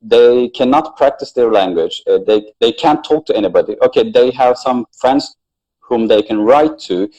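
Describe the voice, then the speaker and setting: A man interviewing a guest in a casual chat, asking calm, measured questions. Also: mid-range voice, highs cut off. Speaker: interviewer, language teacher.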